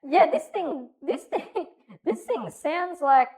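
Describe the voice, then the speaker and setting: A man co-hosting a podcast, talking through a voice-changer filter that turns his voice into a high, girlish one while he jokes about it. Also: sing-song, slow pace, darkish tone, full character voice. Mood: amused. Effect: female voice-changer filter. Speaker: podcast co-host. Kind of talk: joking casual chat.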